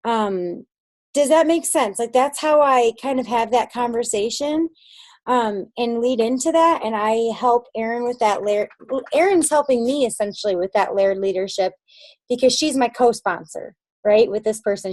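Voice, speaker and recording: A woman with a fairly high voice coaches her sales team in a relaxed, chatty way. She acts out the phone calls she describes and keeps checking that her listeners follow along. The sound is close and dry, with no room echo. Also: moderate pace. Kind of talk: casual instructional talk.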